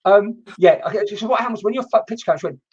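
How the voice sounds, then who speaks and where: A woman's voice: medium pitch, fast, darkish tone, slightly rough, highs cut off. A woman working as a medium, giving a chatty live-streamed reading and swearing casually as she talks. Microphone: computer mic on a video stream.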